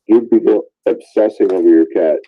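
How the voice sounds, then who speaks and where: A man's voice: low voice, moderate pace, slightly rough, dry recording, dull audio. A man joking crudely with a friend over a voice call. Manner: teasing, crude jokes. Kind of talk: casual chat on voice call.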